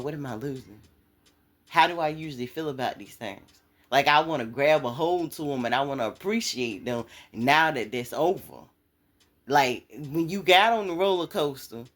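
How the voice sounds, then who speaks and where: A woman giving a casual, conversational talk of faith encouragement, repeating phrases over and over for emphasis. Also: extremely low pitch. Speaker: inspirational speaker.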